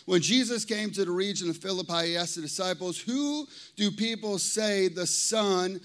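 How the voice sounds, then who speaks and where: Bright-voiced energetic preacher man. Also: sits high, moderate pace. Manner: energetic, jokey, talks straight to the congregation. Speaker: pastor. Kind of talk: sermon. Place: church.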